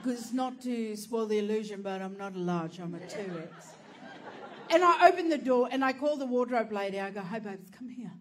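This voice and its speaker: A woman's voice: fairly high pitch, animated, normal speed, some chatter behind, a little hiss or hum. A woman doing a stand-up comedy set, telling a story in a brash, profane way.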